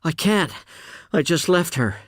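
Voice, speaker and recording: A man's voice: a little high, animated, no room sound, studio quality, pitched above the performer's own voice. A male audiobook narrator voicing a restless young man who talks in a hesitant, pleading way. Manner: hesitant, halting. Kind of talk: audiobook character reading.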